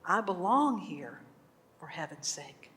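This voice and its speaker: A woman's voice: lowish voice, very animated, slow pace, a bit bright, a little hiss or hum, exaggerated voice. A woman voicing a hungry, struggling male peasant hunter who answers in a weary, frustrated way. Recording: echoey hall.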